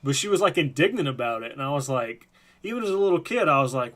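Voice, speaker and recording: A man's voice: mid-range voice, very animated, fast, a bit bright. A man hosting a live stream, telling a rambling, profane story in a casual chat. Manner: rambling, profane, lots of fillers.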